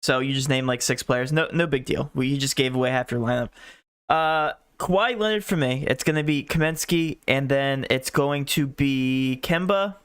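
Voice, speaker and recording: Man, nasal from a cold, smooth clear voice, dry close sound, casual podcast banter. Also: mid-range voice, moderate pace, a bit bright, dry recording. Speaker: co-host. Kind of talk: casual fantasy sports podcast chat.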